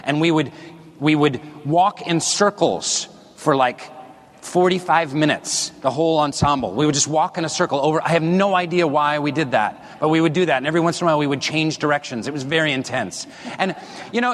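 Rambling man speaking on a stage. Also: fairly high pitch. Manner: rambling and self-deprecating, with jokes to the crowd. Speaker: speaker giving a talk. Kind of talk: stage talk to an audience. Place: stage in a large hall. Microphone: wearing a body mic. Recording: long reverb of a large hall.

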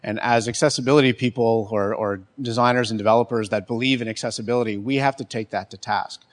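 A man's voice: medium pitch, steady tone, quick pace. A man giving a casual talk on accessibility, conversational, often restarting and checking in with the listeners. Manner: conversational, restarts, keeps asking "right?". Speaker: speaker on accessibility.

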